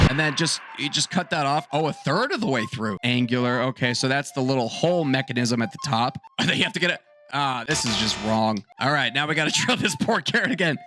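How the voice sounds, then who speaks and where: A man hosting a vlog, reacting to web searches with excitable, jokey, exaggerated reactions. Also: medium pitch, a little fast, faint music behind. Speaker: host.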